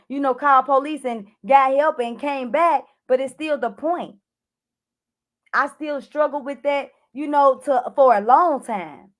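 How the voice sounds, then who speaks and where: A woman clarity coach telling an emotional personal story to camera, addressing viewers directly and acting out her own frantic cries for help. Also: a little high. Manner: animated, addresses viewers as y'all, acts out her own panicked shouts.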